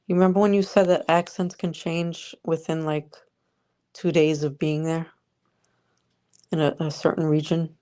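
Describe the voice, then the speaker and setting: A woman's voice: deep voice, level tone, moderate pace, long pauses, dark tone. A woman vlogger ranting sarcastically about politics straight to the viewer. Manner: sarcastic, exasperated, talks to the viewer.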